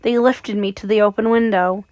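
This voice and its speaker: A woman's voice: mid-range voice, steady tone, moderate pace, darkish tone, no room sound. A woman reading a horror story aloud with dramatic, suspenseful narration. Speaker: audiobook reader.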